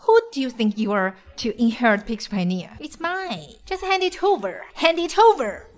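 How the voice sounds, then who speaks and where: A woman's voice: fairly high pitch, big pitch swings, normal speed. A woman playing a jealous, scheming young heiress in a dubbed drama, with a spiteful, grasping manner.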